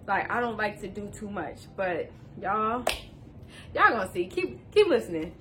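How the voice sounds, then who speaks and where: A woman's voice: medium pitch, big pitch swings, normal speed, sharp tone, a little hiss or hum. A young woman telling a casual storytime, slangy and talking straight to viewers. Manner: slangy, addresses viewers directly.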